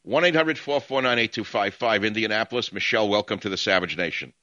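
A man's voice: lowish voice, quick pace, pushed and bright, no room sound. Man, New York accent, radio host, sardonic rants, slightly muffled sound. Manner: brash, sardonic, rambling rants. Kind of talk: opinionated call-in radio talk.

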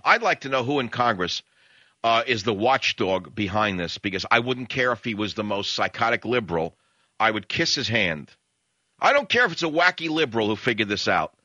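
A combative male talk radio host rants through an opinionated monologue and keeps firing rhetorical questions at the listener. His pitch swings widely and his tone is bright and forceful. The sound is dry and a little dull, like a muffled broadcast studio. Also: very animated, a little fast, no room sound.

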